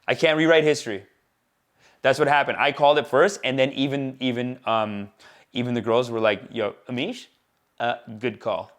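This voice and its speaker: A man's voice: medium pitch, fairly quick. A young adult man who grew up in India, hosting a comedy podcast in a rambling, slangy monologue full of repeated asides.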